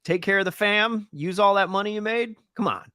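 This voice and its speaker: A man's voice: high-pitched, a little fast, sharp tone, clear, resonant tone, dry recording, clean studio sound. A man co-hosting a sports podcast, making wry joking asides in casual chat. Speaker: podcast co-host.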